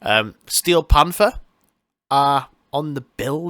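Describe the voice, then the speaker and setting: A man's voice: medium pitch, expressive, moderate pace, bright, forceful tone, dry recording, studio quality. A man hosting his own podcast, talking in a rambling, casual way with lots of swearing, fillers and restarts. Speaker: podcast host. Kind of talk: casual solo chat.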